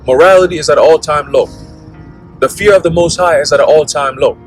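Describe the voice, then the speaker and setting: Over soft background music and poor audio, a man with a highish voice speaks a little fast. He's a religious commentator giving a blunt, profane sermon, forever asking "okay?" and "all right?"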